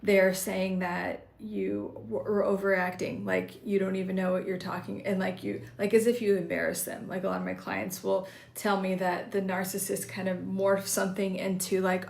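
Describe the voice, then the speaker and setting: A woman's voice: mid-range voice, flat delivery, normal speed, creaky. A woman psychology coach giving direct, conversational advice on a livestream, with many casual fillers. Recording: roomy echo.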